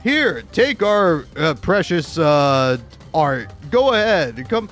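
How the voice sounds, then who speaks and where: A man putting on a fawning host who gushes in a raised, hoarse voice, mocking and over-eager. The pitch sits above his usual talk and the delivery pushes forward. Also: big pitch swings, slow pace, a bit bright, faint music behind, exaggerated voice. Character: fawning eager male host welcoming a tyrant.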